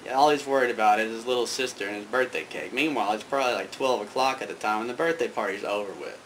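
A man's voice: on the low side, fast talker, fairly bright tone, a little hiss or hum, rough recording. A man telling a casual, rambling anecdote, full of fillers and restarts. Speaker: storyteller.

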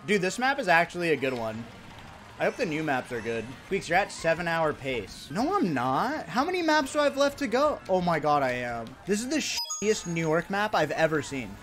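An excitable young man from India chats with his stream viewers while he plays. His voice sits high and swings widely, jumping from bursts of shouting to mutters. He jokes and swears freely. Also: fairly quick, faint music behind. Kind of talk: casual livestream chat.

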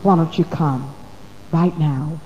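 A woman preaching a sermon to her congregation in church, dropping to a hush and then rising loud, calling her listeners baby and honey. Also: deep voice, slow pace, long reverb tail, dull audio. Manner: swoops from hushed to loud. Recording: faint hum on an old recording.

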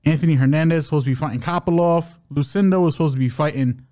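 A co-host of a fight-betting podcast previews upcoming bouts loosely and jokingly, tripping over fighters' names. His voice is fairly high and mellow, and he talks fast.

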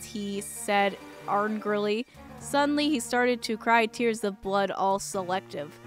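A woman's voice: medium pitch, slow pace, faint music behind. A woman streamer reading a fan fiction aloud, breaking off for dry, mocking asides. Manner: dry, mocking asides between read passages.

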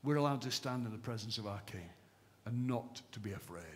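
A male pastor delivers a sermon to his church with a voice of ordinary middle pitch. His preaching is impassioned, pushing hard on key lines before sinking to a hushed, earnest tone. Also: animated, brisk, slight background noise. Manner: impassioned, emphatic preaching that swings from loud to hushed. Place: church service.

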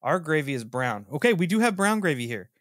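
A man hosting a podcast in casual chat, teasing and incredulous, with lots of animated reactions. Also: on the high side, a little fast, dry recording, clean studio sound. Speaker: podcast host.

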